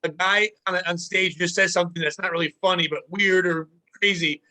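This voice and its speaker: A man co-hosting a podcast, telling a story in casual chat, animated and profane, acting out the people he talks about. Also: high-pitched, fairly quick. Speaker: podcast co-host.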